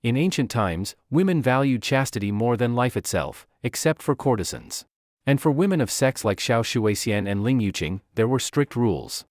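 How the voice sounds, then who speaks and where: Man narrating a story in a dry, lively voice. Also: medium pitch, normal speed, no room sound. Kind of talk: scripted narration.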